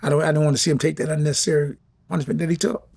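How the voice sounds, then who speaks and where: A man's voice: on the high side, flat delivery, rapid-fire, creaky, darkish tone, husky. A middle-aged man, talking casually and from the heart as an interview guest, often repeating himself. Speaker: former boxing champion, guest.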